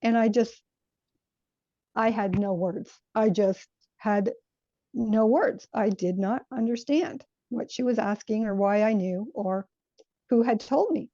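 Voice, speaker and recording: Woman telling her spiritual story, earnest and thoughtful, warm mellow voice, kinda dull lo-fi sound. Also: a little high, takes it slowly, no echo. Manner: earnest, reflective, searching for words. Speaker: guest sharing a spiritual experience. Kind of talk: personal storytelling.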